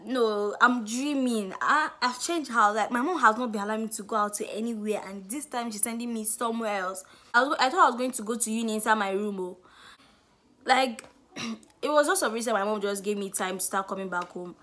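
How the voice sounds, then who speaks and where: A young Nigerian woman with a Nigerian accent telling a lively story-time vlog, acting out what people said. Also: on the high side, quick pace. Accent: Nigerian English. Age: young adult. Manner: animated storytelling, acts out quotes. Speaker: student vlogger.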